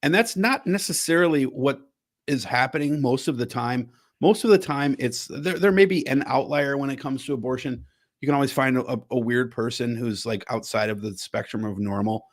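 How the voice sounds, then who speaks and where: A man hosting a casual podcast in a mid-pitched voice. He rambles and circles back on his phrases as he works through his thoughts. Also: normal speed. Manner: rambling, restarts phrases, thinks out loud. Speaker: podcast host.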